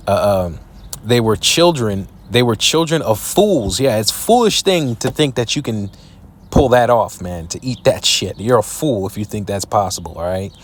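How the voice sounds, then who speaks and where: A man preaching scripture commentary while reacting to a video, profane and scornful, reading verses slowly. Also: lowish voice, animated. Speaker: online preacher.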